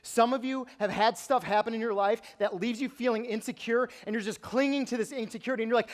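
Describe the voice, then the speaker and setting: In a large church auditorium with long hall reverb, a young youth pastor preaches a youth sermon. His voice is extremely high and fairly even in intonation, moving quickly with few pauses as he animatedly tells a story and acts out what people said.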